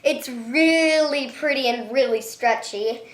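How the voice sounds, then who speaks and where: A woman hosting a slime-making vlog at home, talking excitedly and often squealing and shrieking. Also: high-pitched, slow, reverberant. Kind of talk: excited hands-on vlog narration. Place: home bathroom and table.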